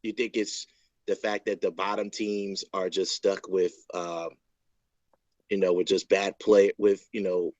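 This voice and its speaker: Host, man, sports talk, halting and full of fillers, dull lo-fi mic, dry sound. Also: sits low, level tone, a little mellow, no room sound. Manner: halting, many fillers and restarts. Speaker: podcast host. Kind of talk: casual sports chat.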